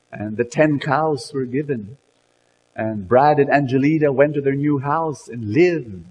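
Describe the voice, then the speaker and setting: Man preaching a story, slow and husky, lots of "you know", big reverby hall. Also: fairly high pitch. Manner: dramatic, repeats words, many "you know"s. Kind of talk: sermon storytelling.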